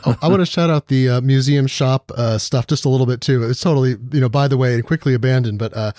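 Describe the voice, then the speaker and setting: A man's voice: mid-range voice, fast talker, no echo, studio quality. A man on a podcast panel in casual chat, rambling through his picks with frequent laughs. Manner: rambling, laughing, animated asides.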